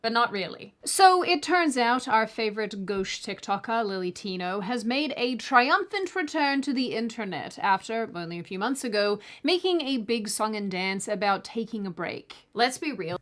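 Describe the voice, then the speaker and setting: A woman's voice: fairly high pitch, lively intonation, moderate pace, few pauses, fairly bright tone. A woman hosting a scripted commentary video, sarcastic, with jokey asides and mock apologies.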